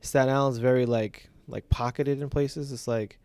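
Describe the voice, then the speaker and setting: A man, a teacher telling his story as a podcast guest in a relaxed, reflective way with many fillers. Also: medium pitch, normal speed, smooth, no room sound. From Brooklyn, New York. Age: 40s. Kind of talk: casual conversational interview.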